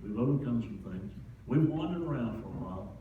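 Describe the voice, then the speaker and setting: Folksy preacher in an echoey sanctuary. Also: male voice, fairly low pitch, animated, brisk, slight background noise. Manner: folksy, conversational preaching with homespun asides. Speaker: pastor. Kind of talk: sermon. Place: church sanctuary. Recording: distant, echoey church sanctuary, dull sound.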